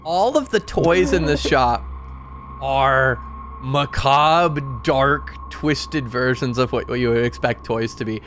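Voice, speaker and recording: A man's voice: medium pitch, takes it slowly, a bit bright, slight background noise. A man narrating as game master on a stream, casual and rambling with fillers. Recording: music playing behind.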